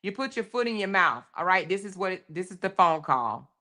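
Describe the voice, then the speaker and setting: Emphatic woman host with a bright, forceful voice. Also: lowish voice, big pitch swings, a little fast. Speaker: commentary show host. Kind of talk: casual commentary on a viral video.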